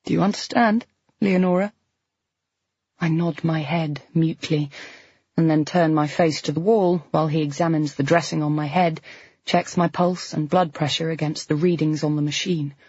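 A woman reading a first-person audiobook in a tense, measured storytelling manner, with a breathy voice. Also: low-pitched, level tone, darkish tone, no room sound. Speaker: audiobook narrator. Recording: dull, slightly lo-fi dry recording.

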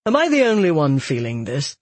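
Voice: mid-range voice, wildly swooping pitch, brisk, no echo. A narrator doing a restless young warrior man. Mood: uneasy. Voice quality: blunt, sheepish.

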